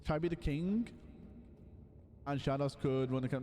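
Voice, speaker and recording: A young man giving playful, excitable live commentary while streaming a game, full of loud exclamations and silly voices. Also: on the high side, normal speed, long pauses, big-room sound, slight background noise.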